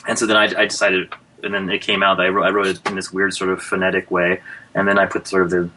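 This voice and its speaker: A man's voice: low-pitched, bright, forceful tone, slight background noise, low-quality recording. A man who writes comics, a guest in a casual podcast interview, talking in a joking, self-deprecating way with lots of restarts.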